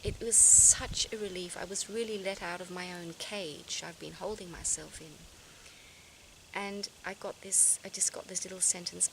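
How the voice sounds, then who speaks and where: This vlogger's voice is fairly low and creaky, with a steady tone at normal speed. She talks reflectively to her viewers, earnest and searching, often beginning sentences again, and there's outdoor noise in the background.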